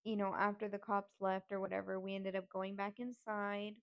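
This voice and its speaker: A woman's voice: medium pitch, level tone, moderate pace, clear, resonant tone. Candid, profane woman telling her story. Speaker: podcast host. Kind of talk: personal storytelling. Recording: slightly dull lo-fi audio.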